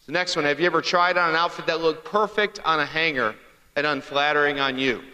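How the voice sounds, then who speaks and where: Bright-voiced man preaching in a reverberant hall. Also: on the high side, steady tone, brisk. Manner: conversational storyteller, asks the crowd questions. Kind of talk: humorous sermon to a congregation.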